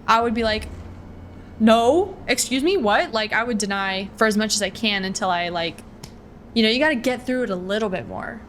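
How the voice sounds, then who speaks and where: A woman's voice: medium pitch, fast, fairly bright tone, slight background noise. A young woman casually commenting on a horror visual novel, chatty and full of slang. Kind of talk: let's play commentary and reading aloud.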